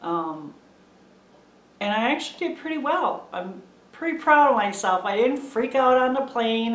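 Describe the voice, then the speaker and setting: A middle-aged woman chatting to camera in a meandering, gushing way from a room at home. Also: mid-range voice. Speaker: homesteading vlogger. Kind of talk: casual chat to camera. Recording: echoey room.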